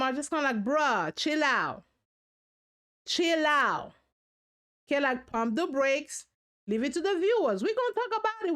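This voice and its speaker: A woman hosting a reaction video, giving sassy, slangy commentary on a reality show and talking straight to her viewers. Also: sits high.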